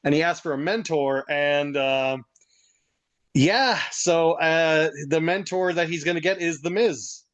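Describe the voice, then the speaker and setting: A man co-hosting a podcast, telling a story in a casual, excitable way and laughing often. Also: fairly high pitch, a little slow. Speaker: podcast co-host. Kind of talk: casual chat.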